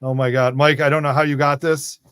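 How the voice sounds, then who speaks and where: A man's voice: fairly high pitch, little pitch movement, brisk, a bit bright, smooth, no echo. A man hosting a live show, overwhelmed and close to tears, repeating exclamations in disbelief. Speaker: show host.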